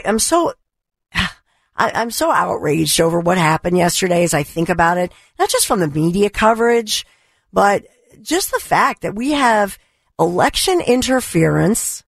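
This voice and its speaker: A middle-aged woman hosting a talk radio show, her voice hoarse from allergies, delivering an impassioned, indignant monologue. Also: medium pitch, no room sound, studio quality. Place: radio studio. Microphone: studio microphone.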